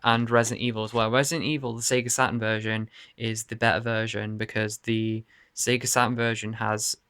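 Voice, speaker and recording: Gravelly-voiced man chatting casually. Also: lowish voice, level tone, a little fast, fairly bright tone, no room sound. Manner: rambling, laughing and swearing often. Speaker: video game collector showing his cases. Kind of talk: casual chat to camera. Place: bedroom.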